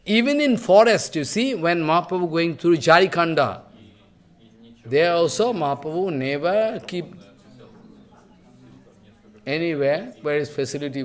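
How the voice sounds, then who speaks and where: An older man speaking English, giving an emotional devotional sermon in broken English and acting out the dialogue he quotes. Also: fairly high pitch. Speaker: guru giving a religious discourse.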